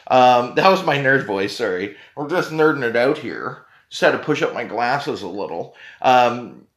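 Rambling, joking podcast host. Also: male voice, mid-range voice, big pitch swings, normal speed, hardly any pauses, fairly bright tone. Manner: rambling, joking, self-deprecating. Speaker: podcast host and tea company owner. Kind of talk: casual podcast chat. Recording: roomy echo.

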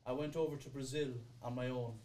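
A man with an Irish accent, explaining things in a casual podcast chat, talking quickly and swearing freely. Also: medium pitch, flat delivery, dark tone. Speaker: podcast guest.

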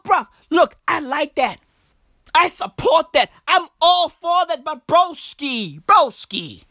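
A high-voiced woman from Africa rants in a comedic monologue, leaning on swear words and slang for emphasis. Her pitch leaps and dives with every punchline. The sound is dry and close, with no room echo. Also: fairly bright tone. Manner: profane, emphatic, slangy, repeats "bruv" and "broski".

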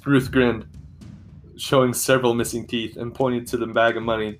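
A man narrating a fantasy story at a steady, measured storytelling pace. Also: medium pitch, faint music behind.

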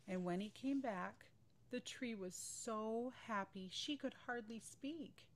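Slow, gentle woman reading a bedtime story. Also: on the high side.

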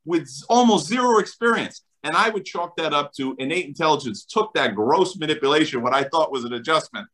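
A man's voice: a little high, lively intonation, fairly quick, hardly any pauses, fairly bright tone, rough recording. A middle-aged man with a New Jersey accent, a chiropractor talking enthusiastically and emphatically in an interview. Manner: enthusiastic, emphatic, laughs often. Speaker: chiropractor guest. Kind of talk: animated interview talk.

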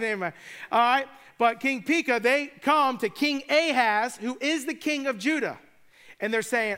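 A man's voice: very high-pitched, moderate pace, pushed and bright, smooth. A man preaching a sermon, retelling scripture in a casual, joking way with conversational asides. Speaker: pastor.

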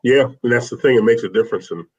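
A man's voice: mid-range voice, very fast, a little mellow, husky. A man talking as an interview guest, telling personal stories in an earnest, rambling way with many restarts. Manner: heartfelt, rambling with restarts, says "man" often. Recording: slightly dull lo-fi sound.

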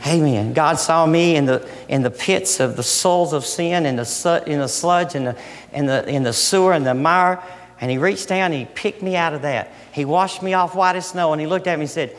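A man's voice: a little high, moderate pace. A man preaching a sermon in a conversational way, often restarting his sentences. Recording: long hall reverb.

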